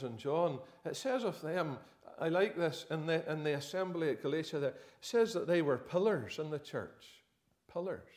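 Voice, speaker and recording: A middle-aged man preaching a sermon, swinging between emphatic loud lines and quiet dropped phrases and repeating words as he reasons aloud. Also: a little high.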